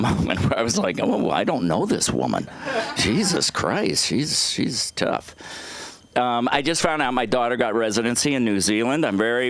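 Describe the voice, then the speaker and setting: A middle-aged man doing an open mic stand-up set on a small club stage, telling stories in a halting, rambling way full of fillers and restarts. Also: medium pitch, clean tone.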